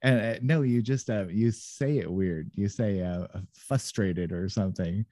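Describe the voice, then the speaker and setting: An easygoing man chats as a podcast guest, laughing often. His voice is low and mellow, recorded close in a dry room. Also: moderate pace, no room sound. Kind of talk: casual podcast chat.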